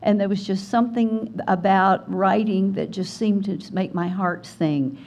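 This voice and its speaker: An older woman from Alabama, telling an animated story as a guest speaker at a writers conference. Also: mid-range voice, unhurried. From Alabama, USA. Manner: animated storyteller, acts out quoted voices. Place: conference hall.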